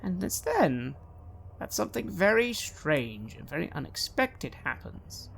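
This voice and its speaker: A woman narrating as game master for a tabletop roleplaying game, describing scenes in measured detail. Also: on the low side, sing-song, gravelly, a little hiss or hum.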